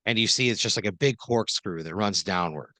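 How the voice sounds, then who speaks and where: A man with a somewhat low voice improvises a comic adventure story, talking loosely and piling on fillers as he goes. The sound is dry and close, like a podcast mic. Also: fairly quick, sharp tone, no room sound. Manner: loose, rambling second-person storytelling with many fillers. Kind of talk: improvised comedic narration.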